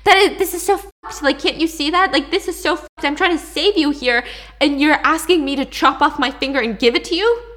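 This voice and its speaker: A woman's voice: high voice, animated, moderate pace, fairly bright tone, voice pushed up. A woman voicing a nervous young male employee who stammers and gets defensive.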